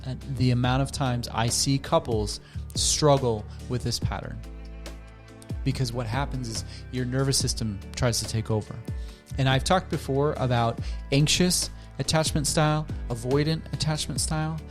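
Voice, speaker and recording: A man working as a counselor, calmly teaching a conflict technique and acting out sample dialogue between partners. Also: mid-range voice, moderate pace, faint music behind. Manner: calm, demonstrates dialogue by acting out both partners. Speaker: therapist. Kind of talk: educational talk to camera.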